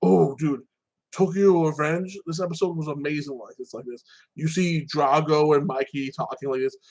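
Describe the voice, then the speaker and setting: A man with a fairly high-pitched voice recaps the latest episodes of his shows. He talks loosely and rambles, leaning on filler phrases as he goes. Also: steady tone, normal speed, darkish tone. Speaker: TV and anime reviewer.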